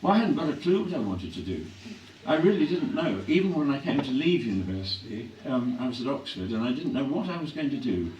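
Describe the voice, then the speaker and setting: An older English man reflecting on his acting career in a live on-stage interview, clearing his throat often as his voice grows hoarse. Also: mid-range voice, sing-song, brisk, hardly any pauses, darkish tone, highs cut off. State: voice growing hoarse. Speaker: actor being interviewed. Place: hall at a public event. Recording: echoey hall from a distance, faint hum.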